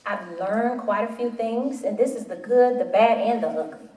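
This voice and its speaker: A woman in her forties giving a motivational talk to a live audience, telling animated stories and acting out the voices in them. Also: a little high, normal speed. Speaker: panel speaker. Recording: roomy hall audio from a distant mic.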